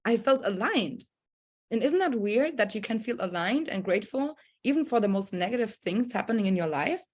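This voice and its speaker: A woman on a group video call telling a personal story in a casual, motivational way, earnest and animated, with many fillers and restarts. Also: fairly high pitch, brisk. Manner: acts out her own past thoughts and a friend's lines.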